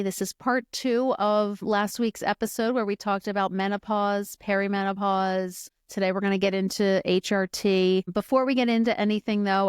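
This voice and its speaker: A woman's voice: mid-range voice, smooth, no echo, studio quality. A middle-aged woman hosting a podcast, telling her personal story in a candid, chatty way full of fillers and asides. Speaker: podcast host.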